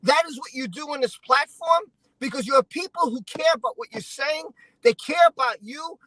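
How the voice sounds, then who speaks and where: Heated, high-voiced man venting. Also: lively intonation, moderate pace, pushed and bright, no echo, poor audio. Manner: heated, emotional, repeats himself. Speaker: stream guest. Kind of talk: casual chat.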